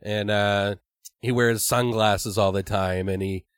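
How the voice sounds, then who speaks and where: A man's voice: lowish voice, fairly even intonation, slow, clean tone, no echo, clean studio sound. A man brainstorming ideas in a casual chat, rambling, swearing freely and laughing often.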